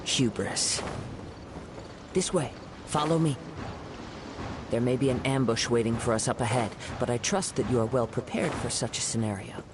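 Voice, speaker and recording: An actor playing a calm, poetic young wandering swordsman in a video game, speaking in a composed, measured way. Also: mid-range voice, noisy background, natural voice.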